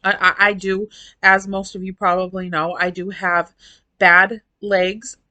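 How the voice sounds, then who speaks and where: A woman's voice: medium pitch, flat delivery, a little slow, pushed and bright, dry recording. A middle-aged woman vlogger chatting casually to her viewers, effusive and emotional, rambling as she talks.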